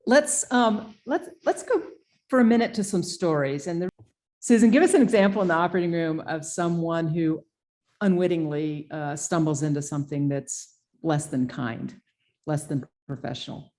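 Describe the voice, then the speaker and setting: Low-voiced woman interviewer. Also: darkish tone. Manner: measured, prompting the guest for examples. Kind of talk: interview questions.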